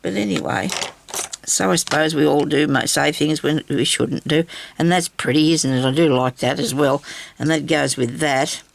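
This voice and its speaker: A woman's voice: low-pitched, moderate pace, vocal fry, slight background noise. An Australian woman chatting in a casual, rambling way while she crafts and tells stories. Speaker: craft vlogger.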